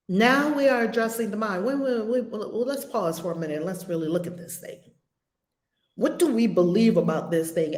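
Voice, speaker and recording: A woman leading a spiritual lesson, speaking slowly and with emphasis and repeating phrases like a mantra. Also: fairly high pitch. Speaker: spiritual teacher. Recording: roomy echo.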